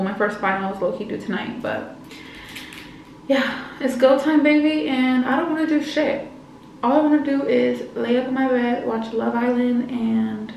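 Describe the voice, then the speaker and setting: A woman's voice: on the high side, gravelly, very echoey, far from the mic, slight background noise, rough recording. A young woman of about twenty vlogging casually, slangy and chatty, with a slight lisp from wearing retainers. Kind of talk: casual vlog chat to camera.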